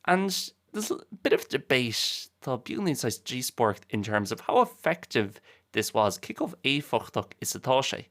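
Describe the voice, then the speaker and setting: A man's voice: mid-range voice, sing-song, moderate pace, a bit bright. A man hosting a bilingual language podcast, casually repeating each point in two languages. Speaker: Irish language teacher and podcast host.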